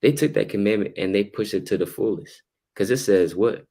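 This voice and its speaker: A man's voice: fairly low pitch, lively intonation, brisk, dark tone. A man teaching from the Bible in a casual way. He reads verses aloud, then explains them in everyday slang with lots of "man" and "you know".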